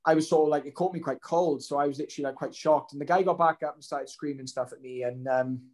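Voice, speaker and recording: A man's voice: a little high, fairly even intonation, fast talker, darkish tone. A man, telling a story casually as an interview guest, rambling with many ums and restarts. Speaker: guest, professional fighter.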